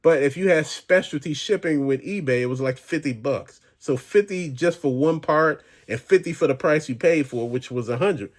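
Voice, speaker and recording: A man's voice: a little high, moderate pace, hardly any pauses. A man hosting his own collecting channel, telling profane stories in a casual, slangy rant. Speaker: channel host.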